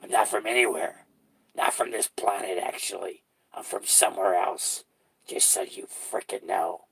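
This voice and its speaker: A man putting on a slow menacing clown. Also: low voice, vocal fry, a bit bright, breathy edge, voice pushed down, full character voice. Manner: slow, drawn-out, threatening, drops to a whisper.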